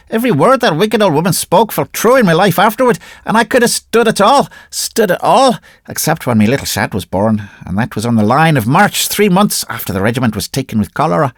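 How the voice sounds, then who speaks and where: A man's voice: on the high side, dry recording, clean studio sound, pitched above the performer's own voice. A man voicing a burly, grieving Irish army private telling his sorrows with an Irish accent. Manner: earnest, mournful storytelling.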